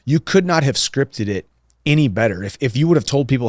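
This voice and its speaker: A man's voice: mid-range voice, animated, brisk, no room sound, studio quality. A man in his thirties, a guest on a podcast, talking earnestly and emphatically and repeating phrases for rhythm. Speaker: guest, professional fighter. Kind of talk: casual podcast conversation.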